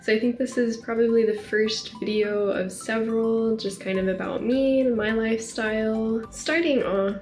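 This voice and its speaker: A woman's voice: a little high, steady tone, moderate pace, few pauses, a little mellow, faint music behind. Chatty young woman vlogging in a roomy space. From Northwest Arkansas, USA. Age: 20s. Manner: chatty, frequent "like" fillers. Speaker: artist vlogger. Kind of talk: casual chat to camera.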